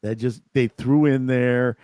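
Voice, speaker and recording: Male co-host, mid pitch, dry close sound, relaxed and halting. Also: no echo. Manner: easygoing, agreeable, halting with restarts. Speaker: podcast co-host. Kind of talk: casual chat.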